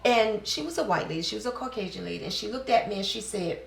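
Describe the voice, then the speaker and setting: A middle-aged woman from New Orleans, a business owner telling her personal story in an interview, animated and acting out the dialogue she quotes. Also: medium pitch, fast, vocal fry, far from the mic. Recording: echoey room.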